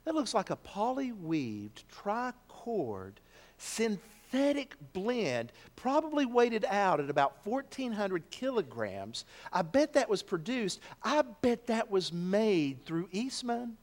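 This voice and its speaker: An eager, nerdy male scientist, as a preacher puts him on, with a high-pitched voice. He is obsessed with technical details and talks about them with excitement. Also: takes it slowly, exaggerated voice. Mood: fascinated.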